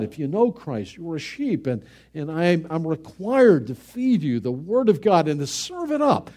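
A man preaching a sermon as a pastor, animated, acting out the voices of the people he quotes. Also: a little high.

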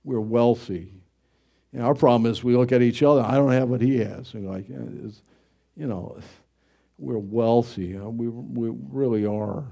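A man's voice: mid-range voice, unhurried, creaky, dark tone. A middle-aged man from the United States, preaching in a folksy, conversational way with many rhetorical questions. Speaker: pastor. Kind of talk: sermon.

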